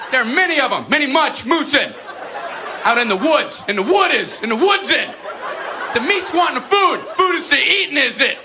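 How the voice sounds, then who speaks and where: A man putting on the voice of a slow, dim-witted male pupil who rambles in mangled grammar. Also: very high-pitched, heavily acted. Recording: crowd and noisy venue sound.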